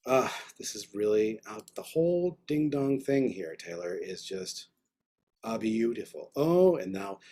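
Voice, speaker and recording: A man's voice: fairly low pitch, very animated, a little slow, vocal fry, dark tone. A man teaching an online art class, giving enthusiastic, rambling, slangy feedback over a video call. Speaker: art instructor.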